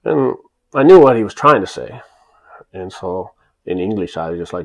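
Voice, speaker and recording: A man's voice: fairly low pitch, very animated, normal speed, creaky, long pauses. An American man telling a personal story in a casual, emphatic way, full of restarts. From United States. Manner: emphatic, rambling with many restarts. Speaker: vlogger recounting his life in Japan.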